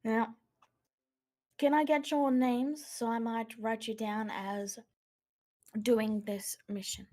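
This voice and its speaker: A woman running a tabletop role-playing game, narrating scenes and asking players for decisions in a relaxed manner. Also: fairly high pitch, slow pace, long pauses. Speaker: game master.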